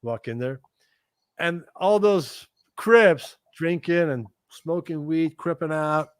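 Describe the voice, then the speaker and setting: Animated man telling stories in a dry voice. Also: fairly high pitch, takes it slowly, smooth, no echo. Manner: animated, swears casually, acts out other people's lines. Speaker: guest musician. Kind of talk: casual storytelling chat.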